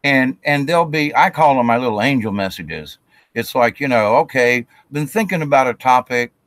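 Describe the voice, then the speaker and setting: A man's voice: mid-range voice, lively intonation, normal speed, fairly bright tone, dry recording. A man giving a casual spiritual talk, rambling with restarts and acting out quotes of himself and others.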